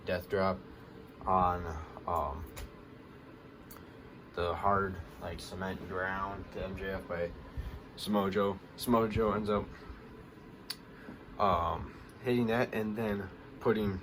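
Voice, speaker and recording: Man, low voice, casual wrestling recap, rambling with fillers, noisy background. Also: takes it slowly, pauses often. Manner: rambling, many fillers, gets excited at big moments. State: hiccups. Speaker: wrestling vlog host.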